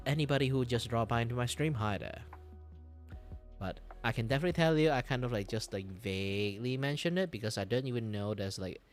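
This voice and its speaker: A man chats on his live stream as he draws, his pitch swinging widely from low mutters to loud bursts. He rambles, dizzy and disoriented, and swears and laughs along the way. Soft music plays behind him. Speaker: art streamer. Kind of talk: casual live-stream chat while drawing.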